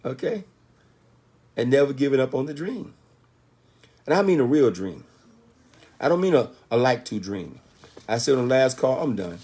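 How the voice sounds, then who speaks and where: A man's voice: mid-range voice, very animated, normal speed, long pauses, mellow, slightly rough. An older man giving an emphatic motivational talk, asking rhetorical questions and answering them himself, with frequent "Okay?" checks. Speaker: motivational speaker.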